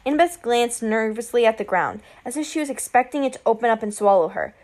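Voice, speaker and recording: A woman's voice: on the high side, animated, fast, darkish tone. Woman narrating with wry energy. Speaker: audiobook narrator. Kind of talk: first-person audiobook narration.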